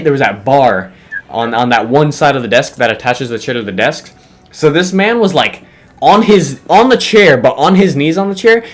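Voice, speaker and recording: Young dude telling a school story, kinda high voice, swears a lot, gets hyped. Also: male voice. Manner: animated, profane, laughs while telling. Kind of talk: casual storytelling.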